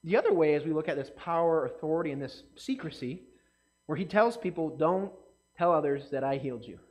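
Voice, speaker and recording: High-voiced man preaching casually. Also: a little fast. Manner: conversational, animated, asks the audience questions. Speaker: pastor. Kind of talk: casual sermon.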